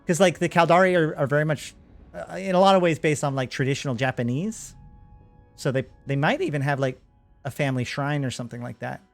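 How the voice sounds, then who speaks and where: A man's voice: fairly high pitch, fairly quick, vocal fry, soft background music. A man hosting a live stream, chatting casually and rambling while he talks to his viewers. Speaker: streamer and host.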